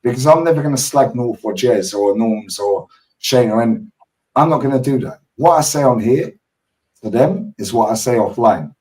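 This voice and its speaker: A London man with a mid-range voice, hosting a football chat stream. He tells stories in quick, animated slang and swears freely. He sounds set back from the mic. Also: medium pitch, recorded from a distance, low-quality recording. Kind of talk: casual chat.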